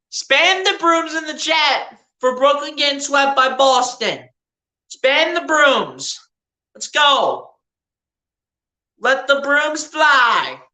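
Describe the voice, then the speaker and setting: She has a high, bright, forceful voice, streaming live play-by-play as a fan. She calls the plays, trash-talks rivals, and laughs often, all in a roomy, echoing space.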